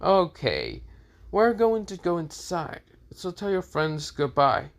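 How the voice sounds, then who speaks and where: A man's voice: sits high, big pitch swings, slow, vocal fry, pitched above the performer's own voice, exaggerated voice. A man doing a flustered laid-back ninja dad. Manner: flustered, scolding. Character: laid-back adult male ninja father figure.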